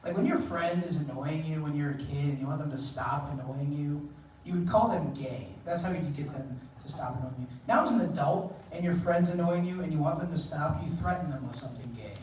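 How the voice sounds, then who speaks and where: A man's voice: fairly high pitch, fairly quick, darkish tone, recorded from a distance. A young man performing a stand-up comedy set on a club stage, telling crude conversational stories and acting out quotes. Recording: roomy live club recording, noisy. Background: audience laughter.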